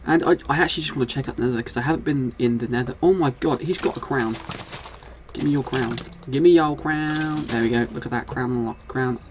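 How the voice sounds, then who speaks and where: A man talks through his game session at a mid-pitched, everyday register, quick to exclaim and grumble at creatures that threaten his house. The keys of a keyboard tap faintly behind him as he plays. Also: slight background noise. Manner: excitable, swears and scolds game monsters. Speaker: gaming video host. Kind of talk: casual gameplay commentary.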